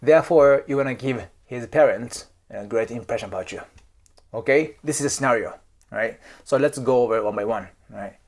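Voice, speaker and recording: A man's voice: mid-range voice, a little fast. A man with a Japanese accent, giving casual advice to camera, chatty and emphatic, often checking in with "right?" and "okay?". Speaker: YouTube host and cultural coach.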